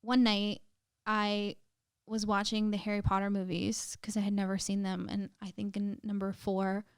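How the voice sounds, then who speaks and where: Speaking at normal speed in a flat, smooth, mid-range voice, a young woman shares a painful personal story as a podcast guest. She's emotional in this casual conversation, using "like" often and swearing a little, with no echo and clean studio sound.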